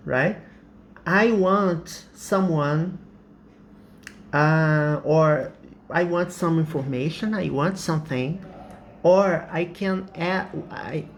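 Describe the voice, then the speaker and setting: A man's voice: fairly high pitch, a little hiss or hum. A man whose first language is Portuguese, teaching English in a patient, explanatory way, repeating examples and laughing often. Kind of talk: slow explanatory lesson.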